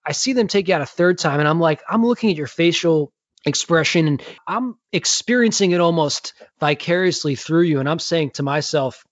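A man's voice: a little high, lively intonation, a little fast, no room sound. A man hosting a podcast, interviewing a guest in an earnest, reflective way. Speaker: podcast host, former rehab coordinator. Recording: dull lo-fi audio.

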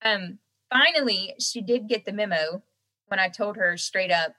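A young woman with a softened Southern American accent, chatting casually as a guest and laughing often. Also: medium pitch, unhurried, rough recording. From Southern United States. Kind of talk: casual chat.

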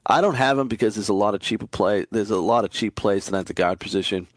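A man talking through his daily fantasy basketball picks in an excitable, emphatic way. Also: fast talker, no echo. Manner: excitable, emphatic, frequent pitch jumps. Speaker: fantasy sports analyst.

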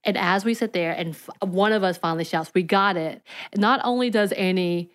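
A woman co-hosting a podcast, telling a story in casual chat with animated energy. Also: mid-range voice, brisk. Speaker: podcast co-host.

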